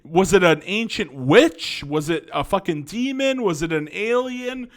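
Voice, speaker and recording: A man's voice: sits high, expressive, measured pace. A young man giving casual, rambling commentary as a video reviewer, chatty and profane, laughing often and stumbling over words. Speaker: YouTube show reviewer.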